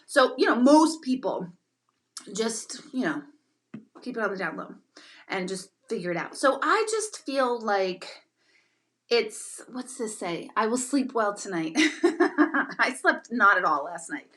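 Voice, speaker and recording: Middle-aged woman, live-stream rant, emphatic and self-mocking, bright voice that jumps around. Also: on the high side, very animated, takes it slowly. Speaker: intuitive and meditation teacher hosting a live stream.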